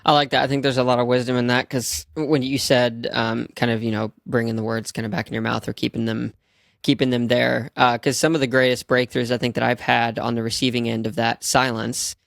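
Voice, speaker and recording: A man's voice: medium pitch, little pitch movement, a little fast, vocal fry, fairly bright tone, dry recording, studio quality. A young man hosting a podcast, attentive and casual, asking questions and giving short acknowledgements. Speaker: podcast host. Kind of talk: casual conversational interview.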